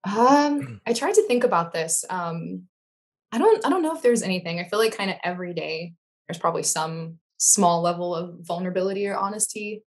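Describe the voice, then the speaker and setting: A woman's voice: fairly low pitch, lively intonation, brisk. A woman, a guest on a casual podcast, speaking thoughtfully with frequent ums. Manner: thoughtful, hesitant with many ums.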